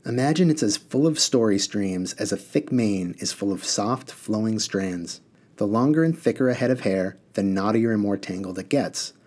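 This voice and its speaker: A man's voice: fairly low pitch, animated, normal speed, a little mellow. A man voicing a fussy, pompous mechanical bird in a storybook reading who lectures with self-satisfied certainty. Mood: lecturing. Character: fussy know-it-all male mechanical bird.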